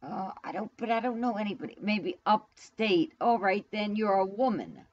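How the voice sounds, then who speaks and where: A woman's voice: mid-range voice, very animated, normal speed, a little mellow, muffled recording. A woman live streaming from home in New York, rambling casually to her viewers, blunt and profane as she talks back to the chat. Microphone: camera mic.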